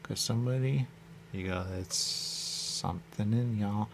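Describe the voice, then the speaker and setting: Measured in pace, with a lowish, creaky voice and background noise, this man hosts a radio show through a rambling monologue. His musings are loose and repetitive, and he circles back again and again to stock phrases like "there you go."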